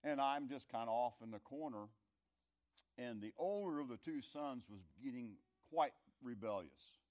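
A middle-aged or older man telling a folksy, rambling story in a conversational sermon, his loudness rising and falling. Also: medium pitch. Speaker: speaker telling a story to an audience.

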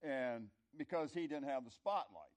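A man's voice: mid-range voice, lively intonation, normal speed. Folksy man telling a rambling story. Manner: rambling, conversational, loudness rising and falling. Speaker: speaker telling a story to an audience.

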